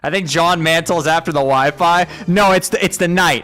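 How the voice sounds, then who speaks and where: A young man streaming a video game live, joking with chat and yelping in excitement when the game surprises him. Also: on the high side, brisk, few pauses, soft background music. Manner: excitable and jokey, voice shooting up when startled.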